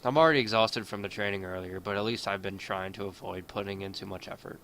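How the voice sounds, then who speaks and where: A man's voice: on the low side, steady tone, fast talker, fairly bright tone, a little hiss or hum. A man reading a visual novel aloud in first person, adding his own asides. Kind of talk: reading game text aloud.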